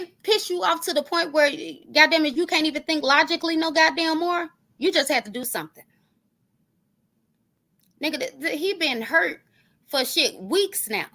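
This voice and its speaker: A woman's voice: high-pitched, bright, forceful tone. A woman, ranting on her stream in a profane, confrontational, sarcastic way. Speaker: online commentary streamer. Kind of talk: heated ranting callout monologue.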